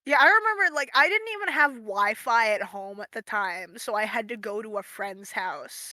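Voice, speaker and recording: A woman's voice: medium pitch, expressive, normal speed, sharp tone, dry recording. A young woman guesting on a live stream, telling stories in a chatty way and swearing freely. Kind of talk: casual interview chat.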